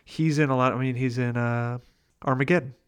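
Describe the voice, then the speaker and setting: A man's voice: mid-range voice, fairly even intonation, brisk, clear, resonant tone. A man co-hosting a podcast, chatting casually about a film and quoting its lines in playful impressions. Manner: laid-back, quotes lines with playful impressions. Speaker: podcast co-host. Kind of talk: casual movie review chat.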